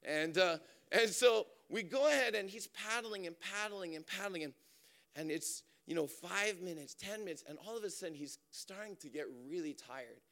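A man from Hawaii, preaching through a lively personal story with many fillers. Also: sits high, moderate pace. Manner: animated, chatty, many fillers and restarts. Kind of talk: storytelling sermon.

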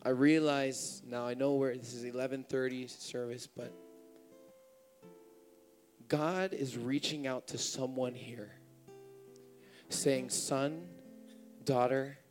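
A man's voice: medium pitch, steady tone, slow pace, pauses often, faint music behind. A young man preaching a sermon at a church service, with impassioned, rising emotional appeals.

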